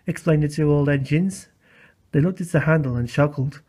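A man's voice: on the high side, slightly rough. A man narrating a children's storybook expressively. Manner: expressive, unhurried. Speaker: audiobook narrator. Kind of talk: storybook reading.

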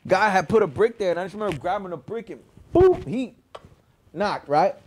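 A man tells his own story in a loose, conversational way, swearing freely and often asking "you know what I mean?" His speaking voice sits a little high for a man. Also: expressive, brisk. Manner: laid-back, profane, fills with "you know what I mean". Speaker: storyteller recounting his past. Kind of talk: casual spoken storytelling.

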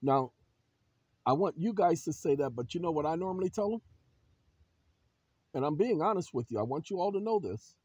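A man hosting his own channel, giving emphatic vlog commentary and firing rhetorical questions at viewers he calls ladies and gentlemen. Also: a little high, animated, moderate pace, pauses often, slightly rough, no echo. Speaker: channel host.

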